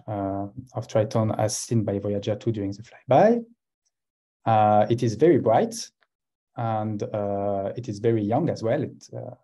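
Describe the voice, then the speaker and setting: A man's voice: mid-range voice, mellow. A man with a French accent presenting a science talk over a video call, with frequent hesitations. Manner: hesitant, many uhs between phrases. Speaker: guest scientist.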